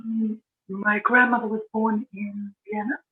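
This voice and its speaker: A woman's voice: medium pitch, flat delivery, measured pace. A woman from London with a British accent, a podcast guest talking about her life in a matter-of-fact way. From London, England. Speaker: guest, author. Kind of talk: casual interview chat. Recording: tinny phone-like line.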